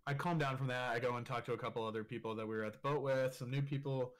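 A man's voice: mid-range voice, fairly even intonation, very fast. A man in his twenties, a podcast guest telling a story in casual, profane talk full of filler words and laughing through the funny parts.

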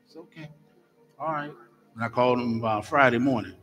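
A middle-aged male minister warms up his congregation with funny stories before he preaches, chatty and playful at a medium pitch. His voice fills a large sanctuary with a long reverb hanging after each phrase. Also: moderate pace, soft background music. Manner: lively storytelling, jokes with the congregation. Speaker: guest minister. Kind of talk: sermon with humorous stories. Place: church sanctuary. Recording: long church hall reverb.

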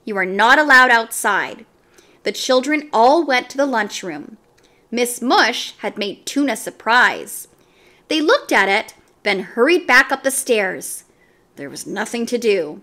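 Slow, expressive woman reading a storybook. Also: on the high side. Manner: slow, expressive read-aloud. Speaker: storybook reader and channel host. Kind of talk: reading a children's book aloud.

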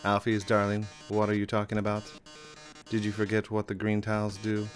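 A man's voice: lowish voice, completely flat delivery, a little fast, soft background music, natural voice. A man voicing a flamboyant, theatrical male robot TV star, speaking melodramatically and gloating, calling the listener darling. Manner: melodramatic, mock-grieving, gloating.

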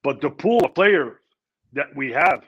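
A former pro hockey player, a guest on a podcast, speaking earnestly with many halting restarts. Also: male voice, a little high, animated, fairly bright tone, husky, lo-fi sound. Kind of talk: podcast interview.

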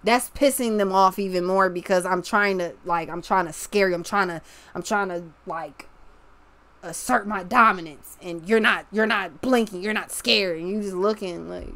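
A woman's voice: mid-range voice, normal speed, bright, forceful tone. A young woman talks her viewers through a tarot reading in a casual, unscripted way. She is blunt and profane, drawling through her points and circling back with restarts. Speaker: tarot reader.

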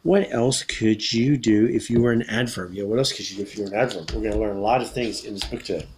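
Guy w a low voice reading a kids book out loud for english learners, slow, says words twice, laughs a lot. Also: poor audio. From America. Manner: slow, repeats key words, chuckles often. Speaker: teacher reading a picture book aloud. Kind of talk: read-aloud lesson for English learners.

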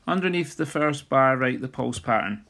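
A man's voice: mid-range voice, lively intonation, moderate pace. A man, teaching drumming theory in a screen-recorded walkthrough and talking as he writes. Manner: talks while writing, sings drum rudiments softly.

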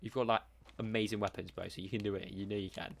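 A man's voice: on the low side, little pitch movement, fast, gravelly, slight background noise. A man streaming a shooter game live, chatting with his teammate and thanking viewers, calling everyone mate and bro. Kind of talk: live game commentary with viewer shout-outs.

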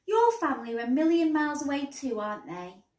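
A woman voicing an excited little girl who wants to be heard, in a high childlike voice, in a roomy recording. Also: fast talker. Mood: glum. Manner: high squeaky childlike voice, urgent. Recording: roomy echo.

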